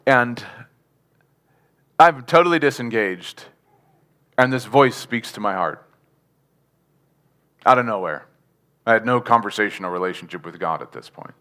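A man's voice: fairly low pitch, lively intonation, a little slow, long pauses, bright, forceful tone. A man giving a sermon testimony, telling his story earnestly with chuckles and asking the congregation questions. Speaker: preacher.

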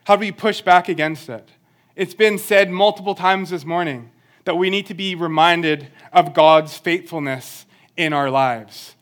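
Earnest high-voiced young man preaching. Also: a little slow, fairly bright tone. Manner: earnest, conversational, self-deprecating humor. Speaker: church speaker. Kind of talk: sermon.

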